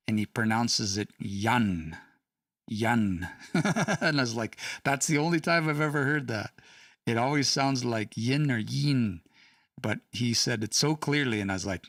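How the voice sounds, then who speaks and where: A man's voice: mid-range voice, a bit bright, dry recording, clean studio sound, recorded from a distance. A man teaching language casually on a livestream, chatty, laughing and reading out chat comments.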